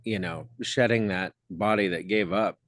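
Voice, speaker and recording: Halting low-voiced man, dry sound. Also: fairly bright tone, no echo. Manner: halting, many fillers and restarts. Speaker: guest. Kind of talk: heartfelt casual conversation.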